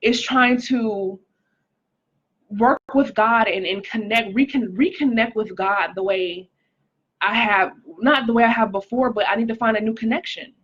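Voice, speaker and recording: Husky woman sharing a testimony. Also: on the high side, unhurried, fairly bright tone, highs cut off. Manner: earnest, emotional, reads viewer comments aloud. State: pregnant, recovering from stroke. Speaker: life coach. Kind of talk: live-stream testimony.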